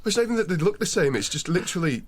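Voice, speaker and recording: A man's voice: sits high, very animated, rapid-fire, husky. A man with a Yorkshire accent, co-hosting a film podcast in casual, sweary banter. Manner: sweary, rambling, laughs often. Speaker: podcast co-host.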